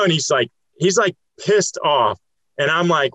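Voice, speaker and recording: Man, casual storytelling, animated, bright forceful tone, dry close sound. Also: a little high, quick pace, no echo, rough recording. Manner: animated, laughing, quotes others in voices.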